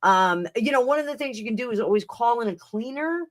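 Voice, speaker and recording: A woman's voice: fairly high pitch, expressive, a little fast. A woman hosting a live tarot stream, chatting casually and rambling, with frequent laughs and restarts. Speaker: tarot reader and livestream host. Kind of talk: casual livestream chat.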